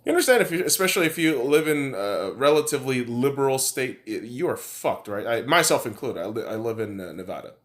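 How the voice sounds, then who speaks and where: A man's voice: mid-range voice, big pitch swings, a little fast, hardly any pauses. A man hosting a podcast, ranting in a heated, sarcastic, swear-filled monologue. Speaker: podcast host. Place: room in Nevada. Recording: echoey room.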